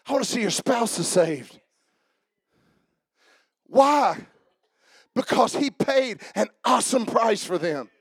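High-voiced, gravelly man preaching. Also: lively intonation, slow pace, pauses often, no room sound, clean studio sound. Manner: emphatic, rousing preacher. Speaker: pastor. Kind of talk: sermon.

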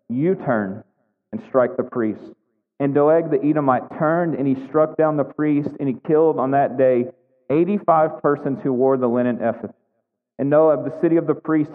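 Preacher man in an echoey hall. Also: medium pitch. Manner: conversational, animated storytelling with frequent "right?". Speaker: pastor. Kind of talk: sermon. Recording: echoey hall, thin phone-like sound.

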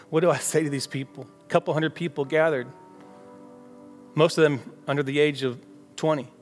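A male pastor gives a sermon in a conversational way, slipping into quoted voices for everyday dialogue. His voice sits a little high for a man, and a long reverb trails each phrase through the sanctuary. Soft music plays faintly underneath. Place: church sanctuary.

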